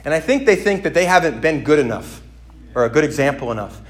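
A man preaching a sermon, moving between quiet reflection and loud, emphatic exhortation. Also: on the high side, lively intonation, fast talker.

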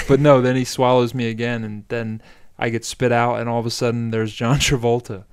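A man's voice: mid-range voice, level tone, brisk, hardly any pauses, smooth. A man co-hosting a podcast, rambling through crude comic stories and laughing often. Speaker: podcast co-host. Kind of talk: casual comedic chat.

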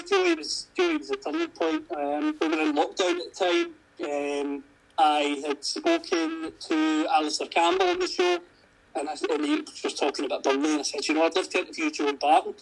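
A man's voice: extremely high pitch, gravelly, poor audio. A man, a podcast guest chatting earnestly and often repeating words as he restarts his sentences. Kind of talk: casual interview chat.

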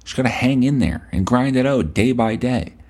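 A man's voice: mid-range voice, expressive, normal speed, darkish tone, breathy edge. A male podcast host delivering a blunt, profane, scolding rant at the listener. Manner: blunt, scolding, heavy swearing.

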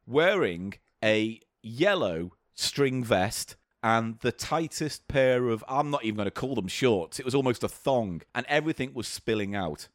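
A man's voice: mid-range voice, no echo, clean studio sound. A man co-hosting a podcast, telling a crude story in vivid, exaggerated detail. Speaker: podcast co-host. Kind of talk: casual comedic chat.

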